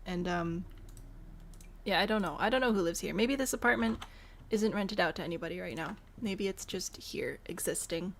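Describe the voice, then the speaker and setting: A woman's voice: fairly low pitch, normal speed, creaky, a little hiss or hum. A young woman from the US Midwest with a mild Midwestern accent, chatting casually on a live stream, thinking aloud and answering chat while she builds in a game. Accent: mild Midwestern American. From Michigan, US Midwest.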